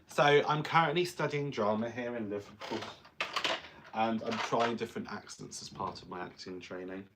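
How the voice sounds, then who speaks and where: A young man talks through his drag makeup in a loose, rambling vlog chat. His voice sits fairly low, and he keeps slipping in self-mocking jokes as he goes. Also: moderate pace, background noise. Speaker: drag performer and vlogger. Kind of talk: casual vlog chat while doing makeup.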